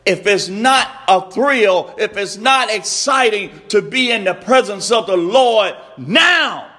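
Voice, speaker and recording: A man preaching a sermon, slow and emphatic, repeating his refrains and rising to shouts. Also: sits high.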